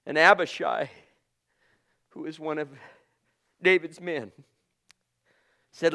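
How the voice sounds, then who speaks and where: A man preaching a sermon with passion, swinging from loud calls to hushed asides. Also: a little high, slow, pauses often.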